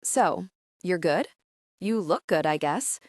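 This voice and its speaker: A woman's voice: fairly low pitch, animated, slow pace, darkish tone, husky, dry recording, clean studio sound, full character voice. A woman narrator voicing a young woman best friend who teases and pries in an audiobook. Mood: prodding. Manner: playful, prying teasing. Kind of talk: audiobook character voice.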